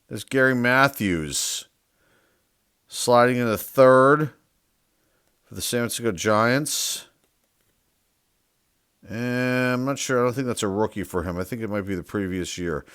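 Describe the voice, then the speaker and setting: A man's voice: medium pitch, clean tone, no echo, studio quality. A man hosting his own channel, reading out names one by one in casual commentary and musing aloud, sometimes unsure how to say them. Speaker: sports card collector and channel host.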